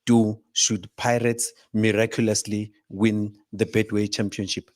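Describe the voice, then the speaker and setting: A man's voice: on the low side, a little slow. A man with a South African accent hosting a casual football chat, telling stories and asking pointed questions. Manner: lively storyteller, asks pointed questions, laughs along. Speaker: show host.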